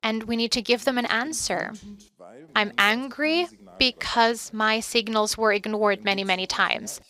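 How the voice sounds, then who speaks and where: Bright-voiced woman interpreting a talk. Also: fairly high pitch, measured pace. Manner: animated, acting out soothing words to a child. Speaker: conference interpreter. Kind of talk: live interpretation of a conference talk.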